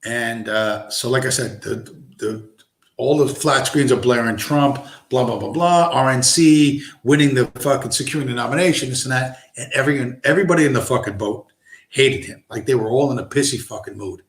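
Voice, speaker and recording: A man with a medium-pitched voice streams at a moderate pace, telling a rambling story packed with swearing, constant asides, digressions and lots of fillers. The recording has a roomy echo.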